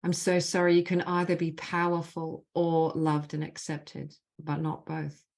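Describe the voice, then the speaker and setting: Woman, low voice, spiritual mentor on a video call, guides slow repeated healing phrases. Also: monotone, darkish tone. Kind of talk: guided clearing session with spoken healing phrases.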